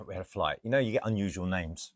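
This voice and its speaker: A man with a very deep, low voice tells funny stories in a casual chat, laughing along as he goes. He talks like a former holiday rep looking back on his work. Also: brisk. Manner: laughing anecdotal storyteller.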